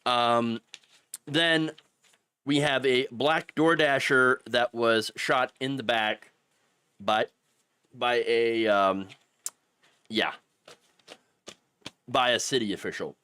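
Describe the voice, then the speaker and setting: A man's voice: mid-range voice, slow pace, pauses often, bright, forceful tone, smooth, no echo. Man with the hiccups hosting a stream. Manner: casual, self-deprecating, restarts often. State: has the hiccups. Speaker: political commentary host. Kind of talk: live-stream political commentary.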